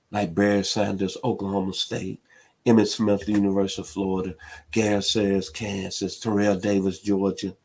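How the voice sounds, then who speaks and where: A middle-aged man from Memphis holds forth on sports talk radio. His voice sits on the low side and carries a husky grain. He talks with emphatic passion, pushing his key points into loud peaks. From Memphis, Tennessee.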